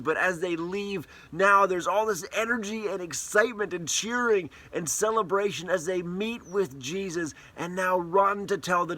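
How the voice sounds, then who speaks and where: Animated man preaching, slightly high voice. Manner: animated storyteller with wide swings in loudness and pace. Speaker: pastor. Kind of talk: sermon.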